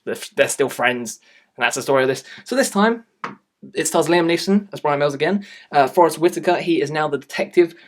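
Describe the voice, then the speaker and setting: A man's voice: a little high, brisk. Ranting man reviewing a film. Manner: exasperated, ranting, blunt. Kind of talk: casual online movie review rant.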